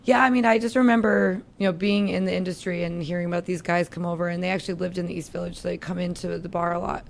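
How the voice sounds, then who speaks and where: A woman who runs the drinks program at a bar, talking candidly and chattily in a relaxed interview and laughing easily. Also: lowish voice, quick pace, creaky. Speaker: bar beverage director. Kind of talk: casual interview chat. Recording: faint background noise.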